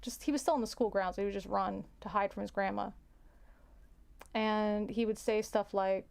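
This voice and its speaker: A young adult woman telling a story in a casual, halting way. She repeats herself and sighs now and then. Her mid-pitched voice has a gravelly edge. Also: steady tone, darkish tone. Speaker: teacher.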